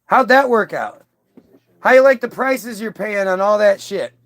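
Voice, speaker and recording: A man's voice: sits high, lively intonation, a little slow, fairly bright tone. A man delivering a combative, profane, rambling monologue to his stream audience, often restarting his sentences. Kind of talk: ranting monologue.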